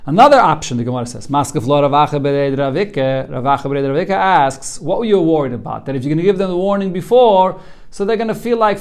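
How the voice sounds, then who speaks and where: Speaking quickly and with animation, this rabbi has a smooth, slightly high voice touched by vocal fry. He takes his Talmud students through the passage line by line, earnest throughout, often doubling a word at the start of a new idea.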